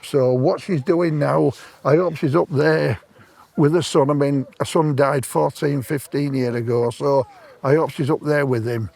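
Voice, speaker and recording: A man's voice: on the high side, fairly even intonation, unhurried, gravelly, a little mellow. A man, telling a long personal story in plain-spoken, rambling speech. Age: 70s. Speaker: stranger on a park bench. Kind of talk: casual storytelling. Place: park bench outdoors.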